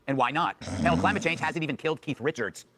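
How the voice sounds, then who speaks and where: A man's voice: a little high, lively intonation, brisk, fairly bright tone. A man delivering a scripted comedic monologue as a late-night host, with snappy punchlines.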